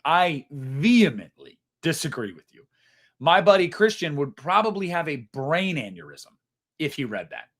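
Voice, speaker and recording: A man's voice: on the high side, a bit bright. A young man hosting a casual live stream, reading super chats in a rambling, self-mocking way and swearing freely.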